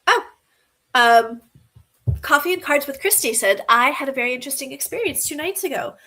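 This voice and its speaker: A woman hosting a live stream, reading viewer comments and giving gentle spiritual guidance with frequent ums and "right?". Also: high-pitched, expressive, brisk. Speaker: host.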